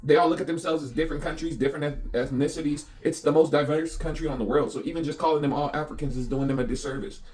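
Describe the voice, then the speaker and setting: Fast-talking American man ranting heatedly. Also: a little high, fairly even intonation, darkish tone. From United States. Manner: heated, profane, fast-talking, speaks in bursts. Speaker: vlogger. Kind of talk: casual ranting monologue.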